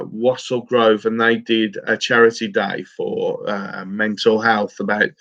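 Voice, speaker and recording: Male streamer, casual friendly chat, mid pitch, slightly dull lo-fi audio. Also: a bit bright. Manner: chatty, emotional, says mate a lot. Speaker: fishing livestream host. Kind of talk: casual livestream chat reading comments.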